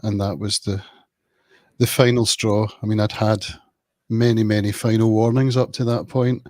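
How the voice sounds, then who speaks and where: A man from Scotland with a Scottish accent, a podcast guest speaking calmly and candidly about his past over a video call. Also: on the low side, dry recording. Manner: calm, candid, measured storytelling. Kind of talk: personal recovery story in an interview.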